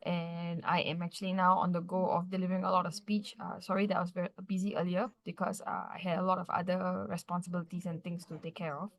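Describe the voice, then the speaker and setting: A woman's voice: lowish voice, little pitch movement, fast, few pauses. A woman sharing her thoughts over a video call, hesitant, with many fillers and apologies. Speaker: club member.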